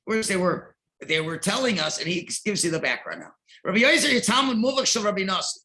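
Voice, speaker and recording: A man's voice: high-pitched, big pitch swings, fast, bright, forceful tone. A man teaching a Torah class as a rabbi, reading Hebrew lines and translating them, now and then raising his voice for emphasis. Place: synagogue.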